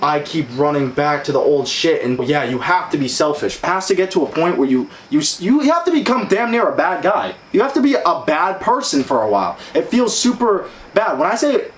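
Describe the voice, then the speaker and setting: A man's voice: high-pitched, very animated, brisk, few pauses, echoey room, low-quality recording. A young man co-hosting a motivational podcast, brash and profane, preaching with lots of "bro". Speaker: co-host. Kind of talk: casual motivational podcast chat.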